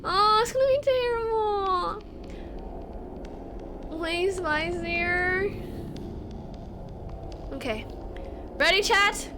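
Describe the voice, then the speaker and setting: A woman's voice: very high-pitched, very slow, pauses often, background noise. A woman streaming live, chatting casually and talking straight to her chat. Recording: music playing clearly behind her.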